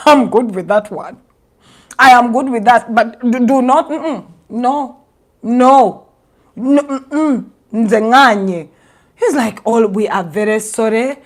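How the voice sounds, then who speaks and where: A young Ugandan woman with a Ugandan accent giving sarcastic, animated commentary, switching languages mid-sentence. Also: on the high side, takes it slowly. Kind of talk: casual commentary monologue.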